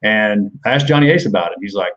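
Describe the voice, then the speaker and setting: A man's voice: fairly low pitch, expressive, quick pace, fairly bright tone. Rambling, profane storyteller man, lo-fi sound. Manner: rambling, profane, laughing as he tells. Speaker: guest, former pro wrestler. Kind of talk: casual storytelling chat.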